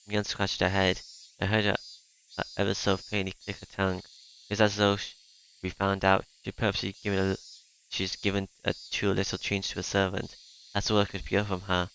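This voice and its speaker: A man reading a visual novel aloud in the first person, halting at times with fillers and restarts. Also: low-pitched, monotone, fairly bright tone, slight background noise.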